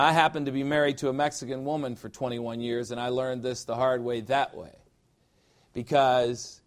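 A middle-aged man preaching a conversational sermon as pastor, informal and emphatic, repeating phrases for effect. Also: mid-range voice.

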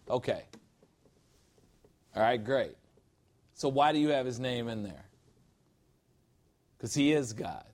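A man teaching a sermon-style Bible lesson, reading scripture slowly and adding emphatic, jokey asides. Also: mid-range voice, expressive.

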